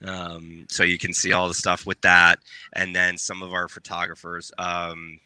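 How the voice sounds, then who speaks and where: Brief: low, bright, crisp male podcast guest, rambling and filler-heavy, dry close sound. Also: completely flat delivery, a little slow, no echo. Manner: rambling, lots of "um" and shout-outs. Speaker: podcast guest, paintball player. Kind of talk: casual podcast chat.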